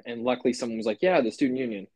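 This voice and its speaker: A man's voice: mid-range voice, very fast, darkish tone, no echo. A young man co-hosting a podcast, telling a story in a loose, rambling way with lots of "like" and swearing. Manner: rambling, swears a lot, many fillers. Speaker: podcast co-host. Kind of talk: casual chat.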